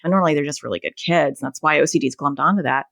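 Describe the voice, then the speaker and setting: Low gravelly woman therapist explaining. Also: rapid-fire, fairly bright tone, no echo, studio quality. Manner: explanatory, illustrating with everyday family examples. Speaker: anxiety and OCD therapist, guest. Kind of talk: podcast interview, explaining.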